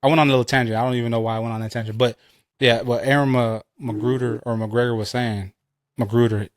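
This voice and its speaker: Brief: male podcast co-host, average pitch, dry close sound, swears freely, drifts off on tangents. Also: fairly even intonation, fast, dry recording. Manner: loose, profane storytelling with tangents. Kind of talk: casual chat.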